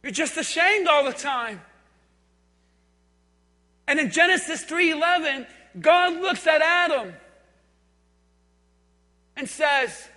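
Male preacher, high bright voice, deliberate pace, hall reverb. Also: expressive. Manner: emphatic, repetitive, drops to quiet intensity. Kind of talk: sermon. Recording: echoey hall.

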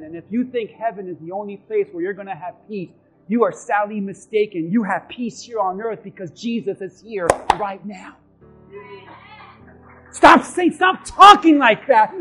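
A male pastor preaching a sermon in church, impassioned and shouting for emphasis. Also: sits high, animated, measured pace, breathy edge, soft background music.

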